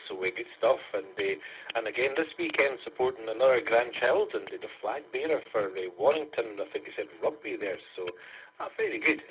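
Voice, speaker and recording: A man's voice: medium pitch, a little hiss or hum. A Scottish man hosting an amateur radio net, chatting with check-ins and reading out call signs. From Scotland. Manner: chatty, warm sign-offs with call signs. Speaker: net control host. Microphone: radio transmission. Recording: tinny phone-like radio link.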